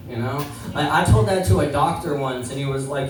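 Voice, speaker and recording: A man's voice: fairly high pitch, expressive, brisk, hardly any pauses. A man doing a rambling, self-deprecating stand-up set full of swearing and crowd work. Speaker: stand-up comedian. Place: small comedy venue. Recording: echoey room from far off, crowd audible.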